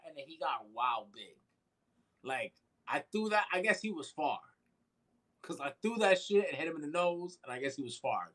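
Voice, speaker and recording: A man's voice: fairly high pitch, poor audio. A man co-hosting a casual podcast, telling a story with lots of swearing and acted-out voices. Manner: animated, swearing, acts out voices in his stories. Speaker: podcast co-host.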